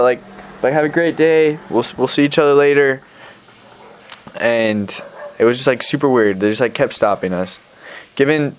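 A man's voice: fairly low pitch, a little hiss or hum. A young adult man telling a story casually to the camera as a missionary, rambling and filling gaps with "like.". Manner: rambling, filler-heavy, lots of "like".

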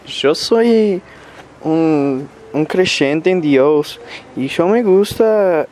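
A man imitating an earnest believer from northern Argentina, speaking slowly in a sing-song Misiones Spanish accent. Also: on the high side, expressive, a little mellow, pitched above the performer's own voice.

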